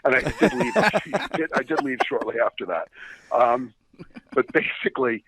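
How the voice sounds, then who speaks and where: A man, a podcast guest, telling animated, profane stories with laughing asides, in a dull lo-fi recording. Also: mid-range voice, normal speed, breathy edge. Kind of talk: casual storytelling.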